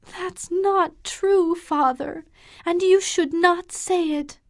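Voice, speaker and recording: A quiet, obedient young woman, as a female narrator reads her. Her voice lifts higher than the narration, gentle and pleading, and she speaks very slowly. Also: lively intonation.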